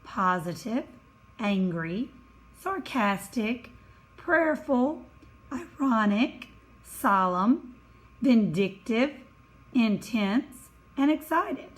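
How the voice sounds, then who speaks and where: A woman teacher giving a recorded lesson over slides, explaining slowly and carefully, now and then correcting herself. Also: a little high, lively intonation, rough recording. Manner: slow, careful explaining with small self-corrections.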